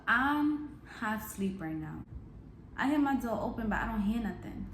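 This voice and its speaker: Young female vlogger, animated storyteller with street slang, recorded in an echoey room. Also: fairly high pitch, moderate pace, slight background noise. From New York. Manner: animated, profane street slang, acts out shouted quotes. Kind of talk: storytime vlog.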